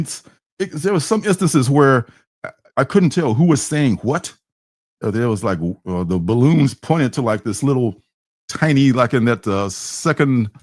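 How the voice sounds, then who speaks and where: A man's voice: medium pitch, a little mellow, dry recording, studio quality. A man hosting a comic book livestream, chatting casually and rambling with fillers and restarts, sometimes acting out characters' lines.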